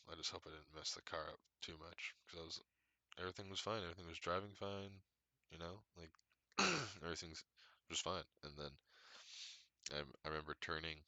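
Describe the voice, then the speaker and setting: Podcast host, male, rambling and profane, very deep, dry close sound. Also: gravelly, sharp tone, dry recording. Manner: profane, rambling, laughs often. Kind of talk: casual storytelling monologue.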